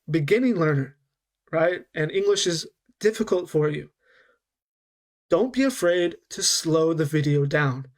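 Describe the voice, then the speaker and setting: Male English tutor, higher-pitched, patient and encouraging, online course delivery. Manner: patient, slows down to demonstrate, frequent "okay?" and "right?". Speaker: English teacher.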